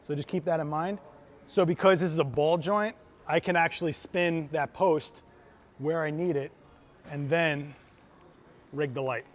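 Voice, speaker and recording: On a trade show floor, a male photographer runs a live, hands-on gear demo, his voice a touch higher than most men's. He is casual, enthusiastic, and chatty, walking the audience through each step like a friendly teacher. He speaks a little slowly, with long pauses.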